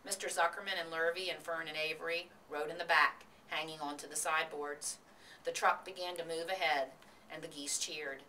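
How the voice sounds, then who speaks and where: A woman reading a children's book aloud in a steady storytelling voice, recorded from a distance with faint hiss. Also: low-pitched, moderate pace. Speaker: reader.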